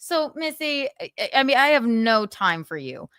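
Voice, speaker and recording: A woman's voice: a little high, big pitch swings, normal speed, a bit bright, clear, resonant tone, no echo, studio quality. Indignant, foul-mouthed woman streamer. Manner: indignant, swears a lot, reads out texts. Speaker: livestream host. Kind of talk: casual gossip chat.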